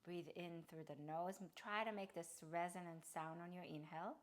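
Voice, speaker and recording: A woman with a notably low voice leads a guided breathing exercise. She talks calmly and slowly, pausing and restarting softly as she walks the listener through each breath. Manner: calm, slow guiding voice with soft restarts. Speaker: yoga and breathwork teacher.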